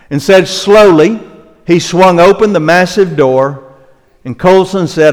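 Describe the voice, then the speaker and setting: An older male pastor preaching a sermon earnestly, slowing down for emphasis and dropping softly into prayer. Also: high voice. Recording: long hall reverb.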